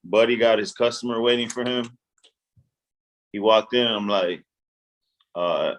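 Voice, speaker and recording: A man co-hosting a podcast, talking in a relaxed, loose way as he recounts a story. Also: fairly low pitch, measured pace, pauses often. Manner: relaxed, loose, stumbles and restarts. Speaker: podcast co-host. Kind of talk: casual chat.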